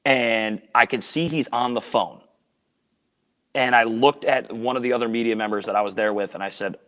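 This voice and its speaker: Man, mid-pitched voice, earnest rambling storyteller, restarts often, casual podcast chat, muffled lo-fi sound. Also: a little fast, fairly bright tone. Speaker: sports radio reporter. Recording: dull lo-fi audio with long reverb.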